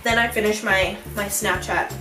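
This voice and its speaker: A young woman vlogger telling a storytime in an animated, giggly way, acting out her own shouts. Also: mid-range voice, normal speed, far from the mic. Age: young adult. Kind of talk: storytime vlog. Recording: echoey room, a bit off-mic, music behind.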